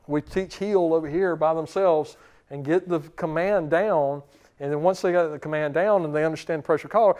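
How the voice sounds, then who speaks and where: Casual dog trainer man, higher voice. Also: a little mellow, clear, resonant tone. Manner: conversational, repeats words, acts out commands. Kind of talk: seminar talk to clients.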